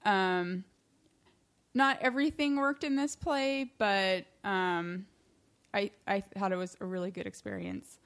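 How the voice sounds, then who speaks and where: A woman's voice: medium pitch, measured pace, clean tone. A woman co-hosting a podcast, chatting casually and telling a story with frequent laughs. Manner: animated storyteller, laughs often. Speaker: podcast co-host. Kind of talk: casual chat.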